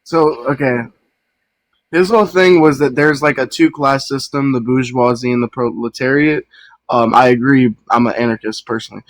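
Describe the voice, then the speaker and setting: A man's voice: mid-range voice, fairly even intonation, normal speed, no room sound, low-quality recording. A man calling in to a stream to make a political point, hesitant and full of ums. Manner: hesitant, lots of ums, gets cut off. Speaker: caller. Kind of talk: call-in debate.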